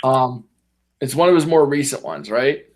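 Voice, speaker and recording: A man's voice: medium pitch, animated, normal speed. A man in casual podcast chat, animatedly retelling movie scenes and acting out the characters in voices. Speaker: podcast co-host.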